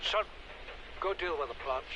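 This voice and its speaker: A man's voice: a little high, expressive, moderate pace, dull audio, background noise, close to an everyday voice. An actor playing a stern chief and protective father in a video game voice log, speaking in a commanding way.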